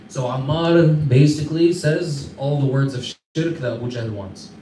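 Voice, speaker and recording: A man teaching a class, retelling a story in a casual, animated way with Arabic fillers. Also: medium pitch, a little slow. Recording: echoey room, distant mic, background noise.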